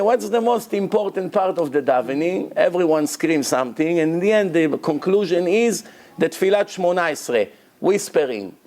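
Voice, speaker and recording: Giving a Torah lecture to a congregation, this man speaks in a slightly higher voice than most men, insistent and emphatic, often repeating a word to drive it home. His grammar is non-native and slips now and then, and he breaks into loud, theatrical shouting of prayers and quotes.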